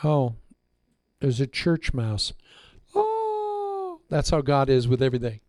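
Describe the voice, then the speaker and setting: A man's voice: mid-range voice, steady tone, normal speed, darkish tone, no echo. A man preaching a sermon as a pastor, telling the story with drama and playful asides.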